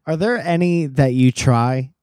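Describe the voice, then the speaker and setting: A man's voice: mid-range voice, a little mellow, smooth, dry recording, studio quality. A man co-hosting a podcast, chatting casually and joking around playfully. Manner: joking, playful, drawn-out asides. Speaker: podcast co-host. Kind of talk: casual chat.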